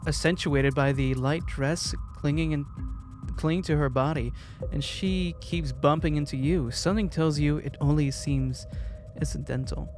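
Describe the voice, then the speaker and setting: A man's voice: fairly high pitch, moderate pace, a little mellow, faint music behind. A man casually reading a visual novel's narration aloud, breaking off for jokes, laughs and stumbles over words.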